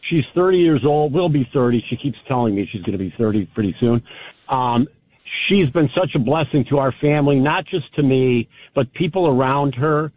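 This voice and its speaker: A man's voice: mid-range voice, expressive, moderate pace, no room sound. A middle-aged man calling in to a radio show, speaking in a heartfelt, grateful way. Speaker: caller. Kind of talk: call-in talk radio. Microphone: telephone. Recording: tinny phone line.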